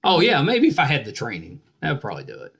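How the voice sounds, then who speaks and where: Chatty man, lively pitch. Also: fast talker, husky. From West Virginia. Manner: chatty, laughs often, repeats words. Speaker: podcast host. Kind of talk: casual interview chat.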